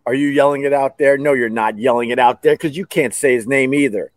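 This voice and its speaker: A man's voice: medium pitch, a little fast, hardly any pauses, dry recording. A man from the United States hosting a podcast, talking casually in a rambling, sarcastic, wisecracking way. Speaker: podcast host. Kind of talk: casual chat.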